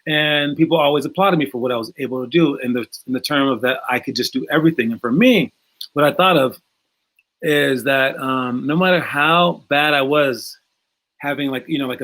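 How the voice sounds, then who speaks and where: A man with a fairly high voice talks casually to young basketball players as their coach. He is energetic and loose, with plenty of fillers and repeated words. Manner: energetic, acts out movie scenes in raised voices.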